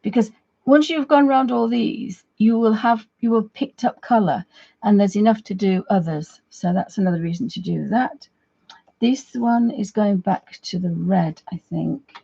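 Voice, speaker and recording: A woman demonstrates watercolour techniques on a live stream, talking casually and greeting viewers as she works. Her voice is mellow and a little husky, and she often restarts her sentences. The audio is dull and lo-fi. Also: mid-range voice, unhurried. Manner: chatty, friendly asides to viewers, trailing restarts. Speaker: art tutor, livestream host.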